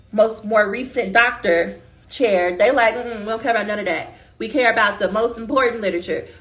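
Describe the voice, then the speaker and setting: A woman dissertation coach giving a casual motivational pitch, colloquial and emphatic, talking straight to her listeners. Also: a bit bright.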